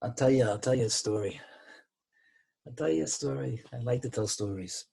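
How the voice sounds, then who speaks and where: A man telling a moral story to a gathering, halting with many restarts and acting out the quoted voices. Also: mid-range voice, gravelly, mellow, breathy edge. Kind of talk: storytelling talk.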